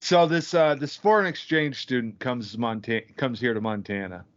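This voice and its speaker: A man's voice: mid-range voice, moderate pace. A man hosting a podcast, telling a joke in casual chat, swearing and easily exasperated. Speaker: podcast host. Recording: dull lo-fi podcast audio.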